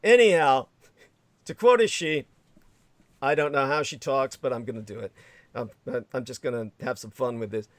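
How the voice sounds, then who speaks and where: A man's voice: medium pitch, normal speed, pauses often, a bit bright, dry recording. A man hosting a livestream, rambling in sarcastic commentary with frequent laughter and crude asides. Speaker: livestream host.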